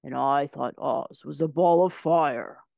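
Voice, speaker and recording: A woman reading aloud from a storybook, voicing a big but timid male lion in a slow, low voice. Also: creaky, mellow, no room sound, heavily acted.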